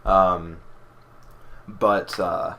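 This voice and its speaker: A man co-hosting a podcast in casual chat, cracking jokes and halting with false starts. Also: sits low, fairly even intonation, bright, forceful tone. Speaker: podcast co-host.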